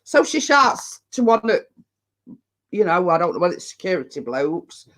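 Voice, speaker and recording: A woman's voice: fairly low pitch, very animated, moderate pace. A woman hosting a casual chat stream from home, telling rambling anecdotes and laughing often. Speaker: host of a live chat stream. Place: at home indoors.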